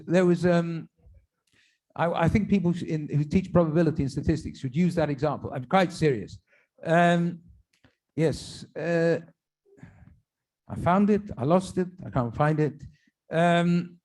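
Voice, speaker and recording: A man, a rabbi, telling jokes at a tribute event in a synagogue, pausing with fillers and restarts and slipping into German and Yiddish phrases for his characters. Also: fairly high pitch, darkish tone. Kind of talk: stand-up joke telling at a tribute.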